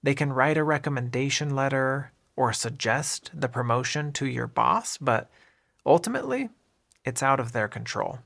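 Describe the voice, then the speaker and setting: A man with a gravelly, creaky edge to his mid-pitched voice leads an English lesson. He speaks clearly and deliberately, modelling each phrase and pointing out how the words run together. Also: lively intonation, a bit bright. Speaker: English teacher. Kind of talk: scripted lesson narration.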